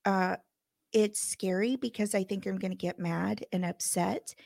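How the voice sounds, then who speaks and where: A middle-aged woman co-hosting a podcast, telling a personal story in an emotional, animated way. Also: medium pitch, a little slow, creaky, no room sound. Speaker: podcast co-host. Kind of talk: casual chat.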